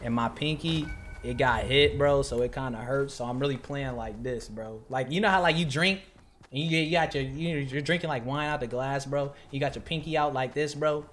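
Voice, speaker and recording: A man streaming a video game, chatting in a slangy, animated way to himself and his viewers. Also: medium pitch, moderate pace, a little hiss or hum. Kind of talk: casual gameplay commentary.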